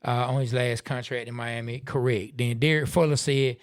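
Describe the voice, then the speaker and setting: A man co-hosting a casual live-stream podcast, reading out viewer comments with relaxed asides. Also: mid-range voice, moderate pace, dry recording, studio quality. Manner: laid-back, reads viewer comments aloud with asides. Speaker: podcast co-host.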